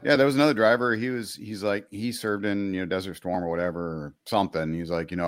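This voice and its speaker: Brief: low, rapid, blunt guy swearing through his stories, dry close sound. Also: steady tone, no echo. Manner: blunt, swears often, acts out quoted exchanges. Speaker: podcast co-host. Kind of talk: casual chat, profane storytelling.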